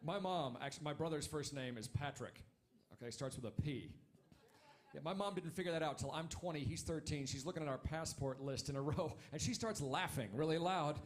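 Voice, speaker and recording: With a slightly high voice, a man in his thirties does stand-up in a comedy club, keeping it wry and punchy while throwing in quick asides to the crowd.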